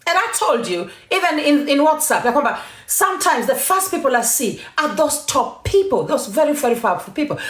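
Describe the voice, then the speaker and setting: Her fairly bright, higher-leaning voice echoes around the room as she fires off a defiant live-stream rant. She's a TikTok host from Kenya, blending Swahili into her English with strong emphasis.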